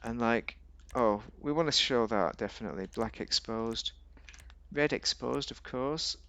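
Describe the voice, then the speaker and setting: Gravelly man rambling over gameplay. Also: unhurried, pushed and bright, dry recording. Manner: rambling, chatty, jokey, talks to himself, sudden pitch jumps. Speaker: gaming video host. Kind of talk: casual gameplay commentary.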